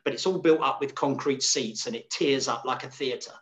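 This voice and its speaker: A middle-aged man recounting his past in a loose, rambling way, full of restarts and fillers. He bursts into higher, louder voices whenever he quotes someone, then drops back to his ordinary middling tone. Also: moderate pace. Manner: animated, acts out quoted voices with sudden high pitch. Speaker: hairdresser, interview guest. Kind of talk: casual storytelling.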